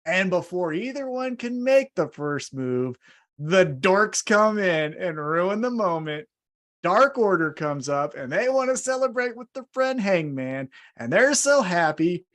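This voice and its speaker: A man's voice: high voice, lively intonation, unhurried, fairly bright tone. Male co-host, conversational recapper, dry wit, storyteller's pacing. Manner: wry, recaps segments like a story and poses questions. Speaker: podcast co-host. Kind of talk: casual wrestling recap narration.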